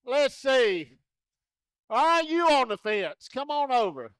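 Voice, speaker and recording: A man's voice: very high-pitched, big pitch swings, slow pace, a bit bright, clear, resonant tone, dry recording, clean studio sound. A man at a rodeo arena, coaxing children into a contest in a folksy, joking way over a handheld mic. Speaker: rodeo entertainer running a kids' contest. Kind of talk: lively arena crowd-work.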